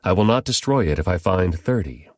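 A man reading the calm, measured replies of a merciful male deity. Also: deep voice, no room sound, clean studio sound.

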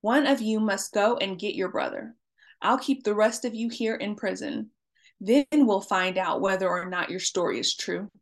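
A woman reading the lines of a stern male governor who accuses strangers, in a slow, deliberate and insistent delivery. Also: mid-range voice, creaky, natural voice.

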